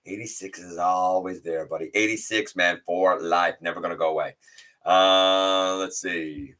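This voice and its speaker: A man's voice: sits low, steady tone, a little slow, bright, forceful tone. A man hosting a casual livestream, chatting loosely, greeting viewers by name and reading their comments aloud. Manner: rambling with fillers and restarts. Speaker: livestream host.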